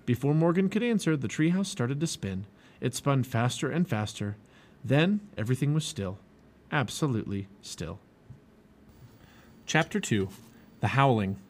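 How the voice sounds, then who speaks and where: A man reading a children's storybook aloud in an expressive, lively way. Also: mid-range voice, normal speed, long pauses. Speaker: storybook reader.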